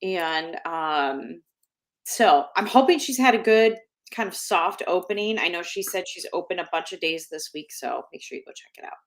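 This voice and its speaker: A woman co-hosting a casual live-stream chat, chatty and thinking out loud. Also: on the low side, animated, normal speed. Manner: chatty, searches for words aloud, uses fillers. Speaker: co-host.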